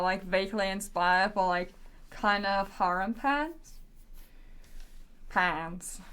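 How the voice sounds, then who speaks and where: A young woman streaming herself drawing, talking casually and quietly to herself as she works, often trailing off mid-thought. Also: mid-range voice, clean tone. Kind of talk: casual thinking-aloud commentary while drawing.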